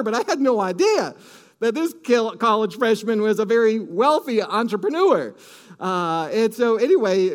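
A man from Minnesota with a light Minnesota accent, preaching and telling a story with lively acted-out quotes. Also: sits high. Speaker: pastor. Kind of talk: sermon storytelling.

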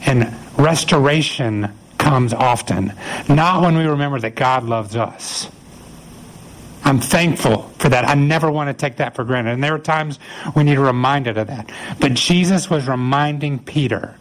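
A man's voice: mid-range voice, measured pace, rough recording. A man preaching a sermon in a conversational way, acting out the lines of the people in the story. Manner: conversational, acts out voices of biblical figures. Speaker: pastor.

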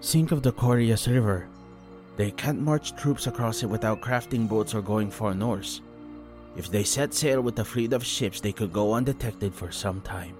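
A man voicing a fearless small Kithkin man, a calm and measured strategist laying out his reasoning, over background music. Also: fairly low pitch, pitched above the performer's own voice, natural voice. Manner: measured, explaining. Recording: fantasy audiobook with music bed.

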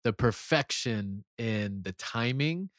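A man in his thirties co-hosts a relaxed podcast. His voice sits in a middle range, and he talks in an easygoing, earnest way. The recording is dry and close-miked. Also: mid-range voice, slow pace, dry recording. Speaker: podcast co-host. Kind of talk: casual chat.

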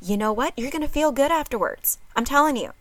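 A woman's voice: high voice, expressive, fairly quick, a bit bright, dry recording. A woman hosting a self-help podcast, talking earnestly and encouragingly to her listeners. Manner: casual with frequent fillers. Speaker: podcast host.

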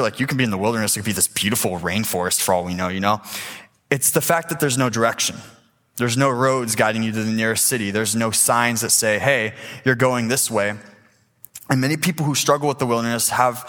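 An eighteen-year-old man preaching a sermon in a church sanctuary, casual and animated, slipping into voices as he tells the story. His pitch sits in the middle range, and a long hall reverb trails each phrase. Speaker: youth preacher.

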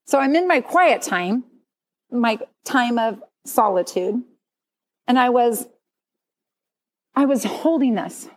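A woman's voice: fairly high pitch, expressive, slow, pauses often. A middle-aged woman giving a candid, conversational sermon testimony at church. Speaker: speaker at church.

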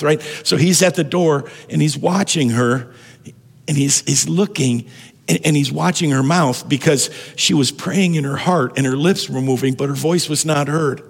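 A man's voice: on the high side, gravelly, husky. A man preaching a sermon as pastor, talking conversationally and often restarting and repeating words. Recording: long hall reverb.

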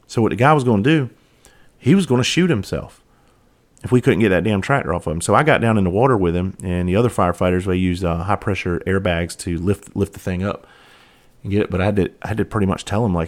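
A man's voice: low-pitched, brisk. A middle-aged man hosting a podcast, telling rambling, profane stories about his years in police and fire work in a casual monologue. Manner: profane, rambling and animated, with frequent restarts. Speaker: podcast host, former police officer and firefighter.

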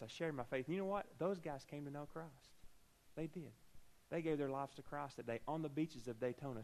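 A man's voice: a little high, rough recording. A man preaching a sermon, telling a personal story with humorous asides and acting out the dialogue.

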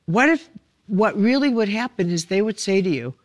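A woman's voice: mid-range voice, expressive, moderate pace. A woman, a spiritual author and speaker, teaching in a reflective, emphatic way and often putting questions to the listener.

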